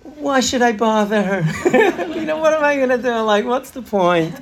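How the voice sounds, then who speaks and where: A man doing a high, laughing impression of an exasperated teenage boy who is fed up with his mother. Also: lively intonation, moderate pace, a little hiss or hum. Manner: high, laughing, whiny mimicry.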